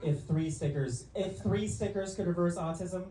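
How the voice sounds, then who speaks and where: A man's voice: sits high, unhurried. A man casually telling a story on a podcast, acting out the voices of the people in it and laughing often. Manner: animated, acts out quotes, laughs often. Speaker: podcast co-host. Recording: echoey room, distant mic, noisy.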